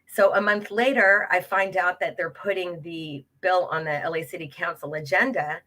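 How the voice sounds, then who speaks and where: On a web talk show, a Los Angeles-area, California woman who leads a local progressive club tells a campaign story casually and animatedly, full of fillers and acted-out quotes. She speaks at normal speed with few pauses in a lowish voice.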